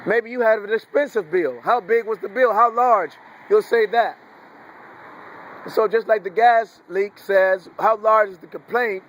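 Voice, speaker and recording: Man, high voice, rambling preachy monologue, coarse and wandering. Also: measured pace, fairly bright tone, slight background noise. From United States.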